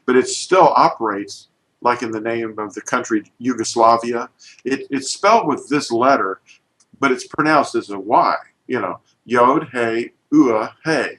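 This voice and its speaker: A man's voice: medium pitch, unhurried, a bit bright, rough recording. A man teaching an informal lesson, pointing at letters and explaining with emphatic, restarting speech.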